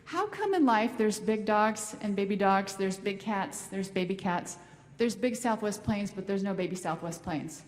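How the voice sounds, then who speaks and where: A woman's voice: medium pitch, expressive, moderate pace, lightly acted. A woman voicing a curious little boy on a plane who earnestly asks questions. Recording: long echoing hall reverb.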